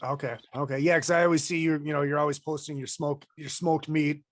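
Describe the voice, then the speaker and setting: A man hosting a casual podcast interview, excitable, laughing often and swearing. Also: a little high, brisk, no room sound. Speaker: host.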